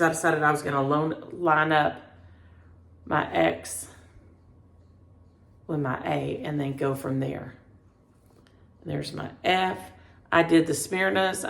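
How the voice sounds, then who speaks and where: Middle-aged woman vlogging her stitching at home, low and gravelly, rambling and chatty, echoey room. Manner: rambling, chatty, talks to her cats between thoughts. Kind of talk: casual chat.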